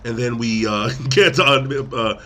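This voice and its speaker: In an unhurried, mid-range voice with a sharp edge, a man chats loosely about a movie on his podcast, breaking into quoted lines now and then. Faint hiss or hum is present.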